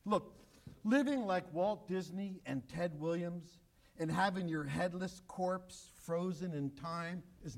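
A man with a high voice delivers a sermon from the pulpit. He preaches urgently and with emphasis, driving home the same call over and over. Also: slow pace, vocal fry. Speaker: pastor. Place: church, broadcast on radio and online.

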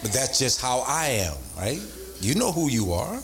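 A man preaching as a bishop, with a lively, swinging voice that leaps upward when he drives a point home. He repeats key phrases and calls out to the congregation in an animated sermon style. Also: moderate pace, crowd noise. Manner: animated preaching, voice leaping up in pitch for emphasis. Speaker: bishop and pastor.

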